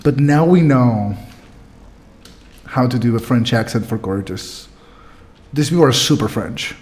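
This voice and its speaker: A man's voice: medium pitch, measured pace. A man streaming a game, chatting playfully and energetically with his viewers. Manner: playful, energetic, talks to chat. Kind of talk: game let's play with chat.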